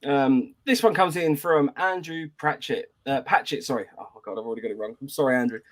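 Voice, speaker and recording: A man's voice: mid-range voice, brisk. A man co-hosting a podcast, chatting casually and rambling with frequent restarts. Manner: rambling, many fillers and restarts. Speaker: podcast co-host.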